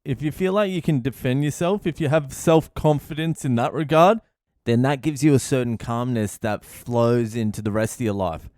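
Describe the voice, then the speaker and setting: A man's voice: mid-range voice, moderate pace, darkish tone, no echo. A man with an Australian accent hosting a podcast, giving brash, profane comedic advice into a close mic. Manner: brash, sweary, rowdy.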